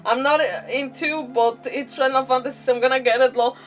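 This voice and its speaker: A woman's voice: high voice, fairly even intonation, brisk, distant mic. A woman gaming streamer from Mexico, chatting casually and rambling with lots of restarts and giggles. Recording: voice a bit off-mic, faint game music.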